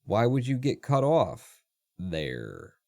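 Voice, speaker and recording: A man's voice: mid-range voice, huge pitch swings, slow pace, vocal fry, a little mellow, no room sound. A man hosts a live coding stream, thinking aloud in a mid-range voice as he works. He mutters to himself, trails off and swears freely whenever something breaks. Close and dry, with no room sound. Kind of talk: casual live coding commentary.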